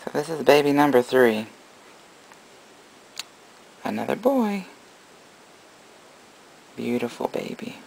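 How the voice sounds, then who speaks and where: A man narrating a casual breeder vlog with a gravelly, creaky texture in his voice. He slips between doting, cooing baby talk aimed at his animals and straightforward explanation for the viewer. His pitch sits in an ordinary middle range. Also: sing-song, slow, pauses often, a little mellow, rough recording. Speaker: reptile breeder.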